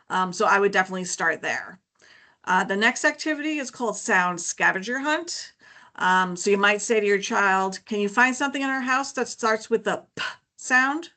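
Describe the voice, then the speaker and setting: Bright-voiced woman explaining to parents. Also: mid-range voice. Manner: friendly teacherly explaining with frequent "um" and "okay, so". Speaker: educator presenting a parent workshop. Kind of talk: informative presentation.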